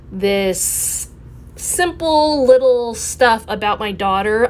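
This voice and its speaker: A woman hosting her own scrapbooking channel, talking through her layout in a relaxed, explanatory way with frequent ums. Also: medium pitch. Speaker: scrapbooking video host. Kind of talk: casual craft tutorial narration.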